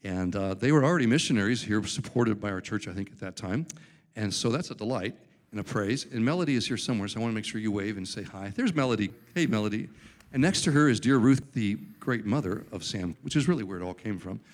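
A man's voice: fairly low pitch, animated, fast talker. A pastor in a church, introducing a visiting missionary to his congregation in an informal way. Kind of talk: introducing a guest speaker.

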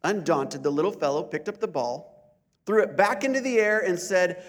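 Male pastor, sermon, high voice, deliberate, slows for emphasis. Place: church service.

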